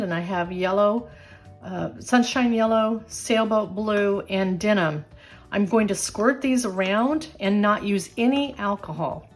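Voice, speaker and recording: An older woman hosting a casual craft tutorial, chatty and encouraging, with a self-deprecating streak. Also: mid-range voice. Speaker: craft channel host.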